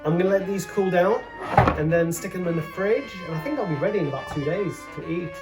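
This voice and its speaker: A man hosting a casual cooking vlog from his home kitchen, joking around and exclaiming loudly as he tastes. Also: high voice, brisk. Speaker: host, comedian cooking at home. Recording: roomy kitchen sound. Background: faint background music.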